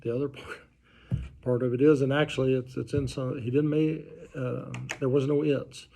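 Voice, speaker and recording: A pastor leading an informal Bible study, talking conversationally and quizzing the group with questions. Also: male voice, medium pitch, level tone, normal speed, creaky, warm tone, slight background noise. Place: church study group room.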